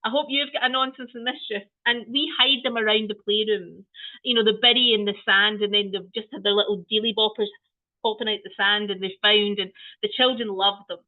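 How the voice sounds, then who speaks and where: A woman giving an online training talk on children's play, animated and playful, often exclaiming. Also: mid-range voice, brisk. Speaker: early-years play trainer. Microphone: video call. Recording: tinny video-call audio.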